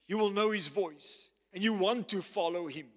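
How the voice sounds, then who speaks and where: A male pastor preaching a sermon, slow and emphatic, repeating key phrases. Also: high voice. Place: church. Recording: reverberant church hall with faint music.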